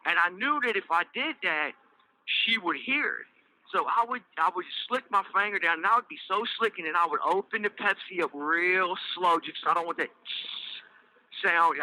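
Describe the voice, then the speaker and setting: A middle-aged man with a Southern US accent, telling his own life story in a loose, halting way with many fillers and restarts. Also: high-pitched, pushed and bright, rough recording. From Virginia. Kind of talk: casual personal storytelling.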